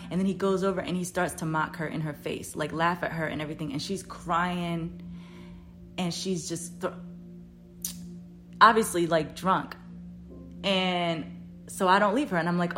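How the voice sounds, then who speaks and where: A woman podcast host telling a story in a casual, animated, profane way, her voice jumping up loud when she quotes herself. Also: lowish voice, normal speed, pauses often, faint music behind.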